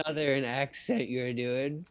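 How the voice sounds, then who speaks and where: A man's voice: medium pitch, steady tone, slow, clear, resonant tone, lo-fi sound. A man playing a tabletop game, making dry teasing remarks. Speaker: player. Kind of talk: casual tabletop banter.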